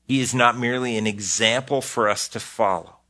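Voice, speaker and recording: A man's voice: mid-range voice, fairly quick, bright, forceful tone. An older man preaching a sermon as pastor, earnest, often repeating a word as he starts a phrase.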